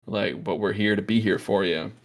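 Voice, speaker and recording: Low-voiced man excitedly retelling a movie. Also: normal speed. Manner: excited retelling, lots of fillers, acts out quotes. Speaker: podcast host. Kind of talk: casual movie review chat.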